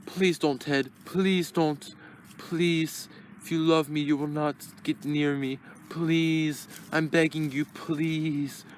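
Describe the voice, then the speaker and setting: Old scared plush frog as a man puts him on, lower and slower voice, pleading, melodramatic. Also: steady tone, a little hiss or hum. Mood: begging. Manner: pleading and melodramatic, slow begging prayers. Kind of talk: plush toy puppet comedy.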